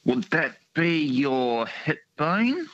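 A man phoning in to a radio quiz, relaxed and playful, quick to try a silly voice. His tone is bright and fairly high for a man. The line sounds dull and lo-fi. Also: no room sound. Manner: jokey, does silly impressions. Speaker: caller. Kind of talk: casual phone-in chat.

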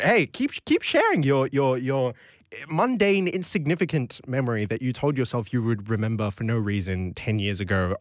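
A man's voice: mid-range voice, dry recording, clean studio sound. A young man hosting a late-night radio show, chatting casually and reading listener texts, rambling off into giggly tangents. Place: radio studio. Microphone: studio microphone.

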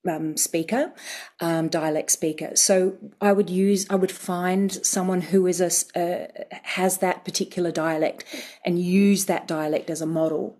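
A woman with a somewhat low voice, explaining dialect work step by step. She lists points methodically, pausing on ums. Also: steady tone, dark tone. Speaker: dialect coach. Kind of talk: explanatory interview talk.

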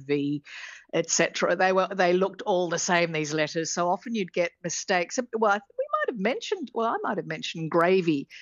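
A woman's voice: on the low side, no echo. A woman, a linguistics professor explaining as a radio guest, hesitant with many fillers and restarts. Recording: dull lo-fi remote line.

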